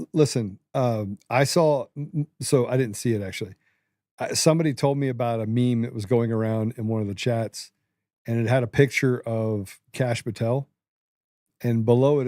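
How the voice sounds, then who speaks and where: A man's voice: mid-range voice, warm tone, no room sound, clean studio sound. A man co-hosting a casual political chat, joking, laughing often and stumbling over restarts. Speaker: podcast co-host.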